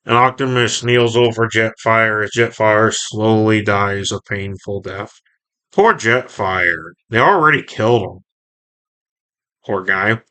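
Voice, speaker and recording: A man's voice: fairly low pitch, steady tone, takes it slowly, pushed and bright. A man casually reading and reviewing a comic book, recapping the story in a rambling, self-correcting way.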